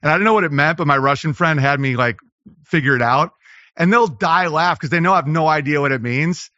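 A man, a comedian, talking casually as a podcast guest, rambling and riffing with quick impressions. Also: fairly high pitch, pushed and bright, no echo, dull audio. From Los Angeles.

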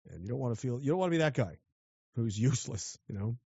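A man's voice: mid-range voice, expressive, fast, vocal fry, darkish tone, slightly rough, no room sound, dull audio. A man from western Canada, ranting sardonically and profanely while reading chat on a livestream. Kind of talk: rambling livestream rant.

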